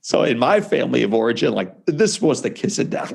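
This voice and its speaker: A man's voice: medium pitch, lively intonation, fairly quick, vocal fry. A man being interviewed as an author, telling a personal story in an earnest, heartfelt way. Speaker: author and speaker, interview guest.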